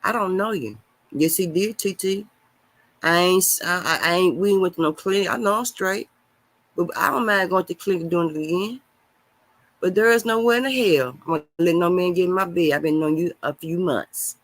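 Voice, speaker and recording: A high-pitched man talking a little fast reads out viewer comments on a casual live stream and preaches at volume. He swings back and forth between shouting and mumbling.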